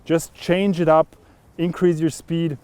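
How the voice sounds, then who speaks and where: A man's voice: fairly high pitch, level tone, slow pace, darkish tone, clean tone. A young man coaching viewers straight to camera, upbeat and instructive as he explains a voice exercise. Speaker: voice and communication coach. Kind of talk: direct-to-camera teaching.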